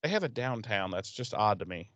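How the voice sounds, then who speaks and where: A man co-hosting a podcast, casually recapping an episode, cursing and acting out characters in quick voices. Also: fairly low pitch, no echo. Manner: profane, animated retelling with quick put-on voices for characters. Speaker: podcast co-host.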